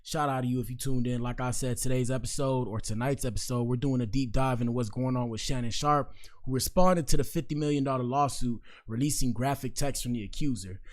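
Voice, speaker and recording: Casting note: male podcast host, weary and laid-back, loose slang, rambling asides, mid-pitched. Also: steady tone, a little fast. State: tired. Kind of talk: casual commentary on news clips.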